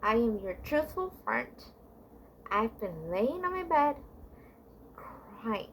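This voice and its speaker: A woman talks straight to camera in a casual, confiding advice monologue. Her voice sits high. She rambles earnestly, restarting her sentences and leaning on fillers as she goes. A faint background hiss runs under her voice. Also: sing-song, takes it slowly. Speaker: vlogger giving relationship advice.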